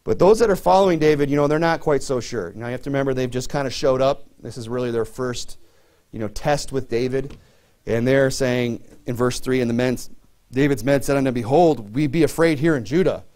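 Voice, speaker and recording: A man's voice: mid-range voice, brisk, a little mellow. A middle-aged man preaching a sermon to his church in a conversational way, full of "you know" fillers. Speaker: pastor.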